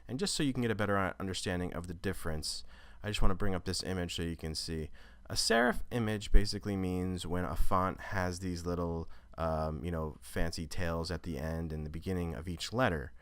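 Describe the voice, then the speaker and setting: A man's voice: deep voice, fairly quick, few pauses, smooth, dry recording. A man teaching an online course, talking casually through a screen-recorded tutorial with many fillers and self-corrections. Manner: relaxed and conversational, with frequent fillers and self-corrections.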